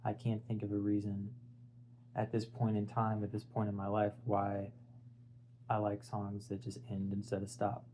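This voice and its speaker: A man's voice: on the low side, completely flat delivery, moderate pace, warm tone, a little hiss or hum, rough recording. A young man talking casually about an album, rambling and searching for words as he goes. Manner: rambling, filler-heavy, restarts and searches for words. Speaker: music video essayist. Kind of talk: casual unscripted album talk.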